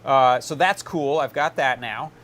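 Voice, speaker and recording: A man hosting a live electronics workshop, explaining his setup in a relaxed, casual way with plenty of filler words as he tinkers. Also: mid-range voice, measured pace, slight background noise.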